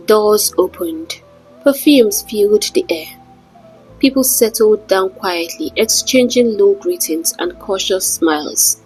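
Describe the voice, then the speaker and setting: A woman narrating a folktale in a dramatic, measured way with wry asides. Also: medium pitch, a little mellow, husky, low-quality recording. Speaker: storyteller. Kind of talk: scripted story narration.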